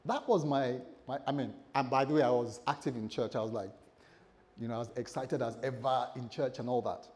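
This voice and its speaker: A middle-aged male pastor preaching to his congregation, telling a personal story with lively, self-mocking humor. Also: medium pitch, fairly quick. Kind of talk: sermon. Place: church, speaking to a congregation.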